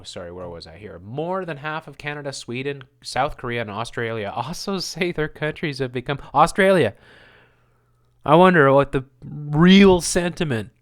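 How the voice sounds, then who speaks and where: A man hosting his own channel, reading news items and ranting over them in a sarcastic, rambling way, laughing often. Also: mid-range voice. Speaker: host.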